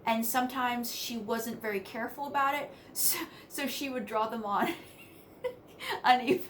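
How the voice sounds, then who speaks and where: A woman's voice: fairly high pitch, normal speed, a little hiss or hum. Chatty woman telling family stories. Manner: chatty, laughs between sentences, animated asides. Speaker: vlogger. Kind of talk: casual storytelling to camera.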